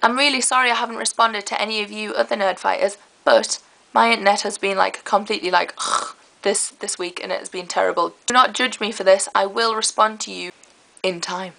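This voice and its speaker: A teenage girl, chatting to camera in a rambling, lively way. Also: medium pitch, fairly quick, creaky, low-quality recording. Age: teens. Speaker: vlogger. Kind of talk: casual chat to camera.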